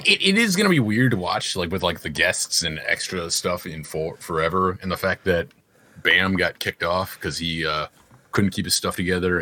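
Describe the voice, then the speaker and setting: A man co-hosting a podcast, chatting casually and joking with quick banter. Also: deep voice, sharp tone. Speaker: podcast co-host.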